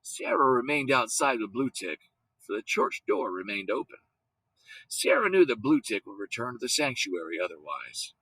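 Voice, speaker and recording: Lively, bright-voiced man reading a story. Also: mid-range voice, moderate pace, husky, dry recording, rough recording. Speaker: audiobook reader. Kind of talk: storybook read-aloud narration.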